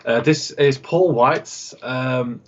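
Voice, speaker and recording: A man's voice: mid-range voice, slow pace, muffled recording. A man, chatting as a guest on a video call interview, rambling through stories and acting out the people in them, with many fillers. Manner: rambling storyteller, acts out quoted voices, many fillers. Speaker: guest, radio host and producer.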